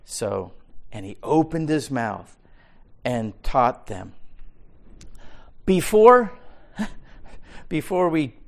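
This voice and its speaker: A man leads a Bible study in an unhurried, deliberate way. His voice is gravelly with a mid-range pitch. He is emphatic, repeats his key words, and swings between quiet asides and loud pronouncements. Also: lively intonation. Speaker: Bible teacher.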